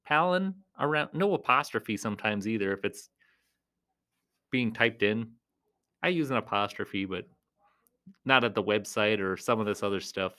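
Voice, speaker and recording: Playful goofy clown man, lively voice. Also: normal speed, pauses often. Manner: playful, goofy, jumps into high silly tones. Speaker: clown entertainer. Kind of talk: casual rambling vlog.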